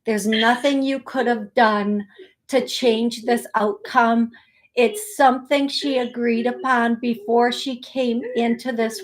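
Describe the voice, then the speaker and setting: A woman hosting an online psychic medium show, speaking gently and consolingly in rushes with many restarts, over a video call. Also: fairly high pitch. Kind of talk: live online show, relaying messages.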